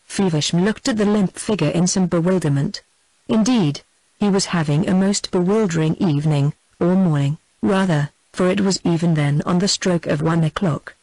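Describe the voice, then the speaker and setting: An audiobook narrator reading a historical novel in a steady, measured way. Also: mid-range voice, no echo, rough recording.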